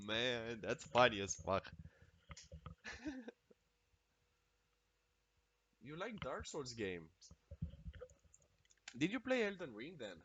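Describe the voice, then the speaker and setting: A man streaming a video game, talking casually and excitably with lots of swearing and exclamations. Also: mid-range voice, extremely slow, pauses often, slightly rough. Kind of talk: casual live-stream commentary while playing.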